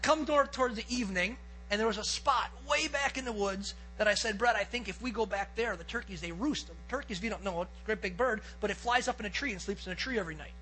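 Bright, high-voiced pastor telling a story. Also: male voice, fast, faint music behind, low-quality recording. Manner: lively storyteller, acts out quotes and gets excited. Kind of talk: sermon with a personal hunting story.

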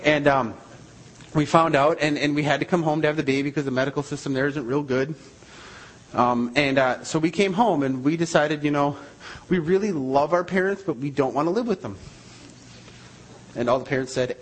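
A man's voice: fairly high pitch, moderate pace, rough recording. A man, a missionary, preaching a sermon and telling a story in an emphatic, repetitive way.

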